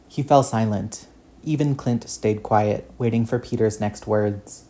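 A man narrating a story in an even, measured way. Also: fairly low pitch.

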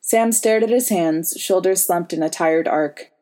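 A woman narrating a story in a steady, even reading voice. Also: lowish voice, a little slow. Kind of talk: audiobook reading.

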